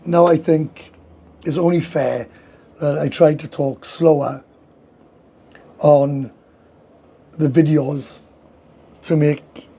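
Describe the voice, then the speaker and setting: A tired Welsh man from Wales chats casually on his livestream, slangy and swearing as he reads out viewer comments. His voice is fairly high, warm, gravelly and husky. He's indoors, sitting with a coffee.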